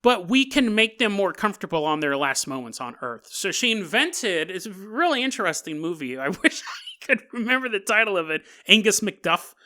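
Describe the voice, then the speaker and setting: This man hosts a podcast alone, wandering casually through a jokey story and frequently laughing in the middle of sentences. His voice is high and sing-song with a sharp edge, and he speaks at a normal speed.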